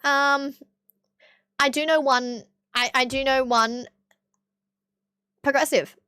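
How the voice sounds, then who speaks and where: A woman's voice: high voice, fairly even intonation, takes it slowly, pushed and bright, no room sound, studio quality. A young woman with an Australian accent chatting bluntly with her stream viewers, swearing often. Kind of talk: casual chat with stream viewers.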